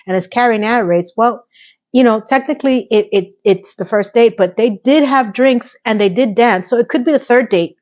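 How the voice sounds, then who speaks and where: A woman's voice: a little high, darkish tone, muffled recording. A woman casually recapping a TV episode, chatty and full of opinionated asides.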